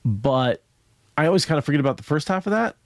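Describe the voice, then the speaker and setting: Fast and sing-song, a man with a fairly high-pitched voice co-hosts a podcast about a book. His talk is casual, thoughtful and rambling, full of "right?" check-ins, recorded in studio quality without echo.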